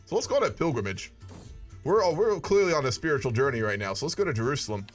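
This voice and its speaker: Casting note: man, mid-pitched voice, loose cursing let's-play commentary with a wry edge. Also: big pitch swings, quick pace, soft background music. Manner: profane, wry asides. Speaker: gaming video creator. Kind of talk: casual gameplay commentary.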